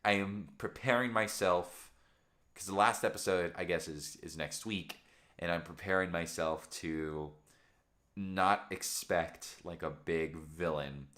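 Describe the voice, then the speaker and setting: Young man, deep low voice, casual livestream chat, excited rambling, home setup, camera mic. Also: measured pace. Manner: excited, rambling fan chatter with lively swings in pitch. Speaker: livestream host. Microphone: camera microphone.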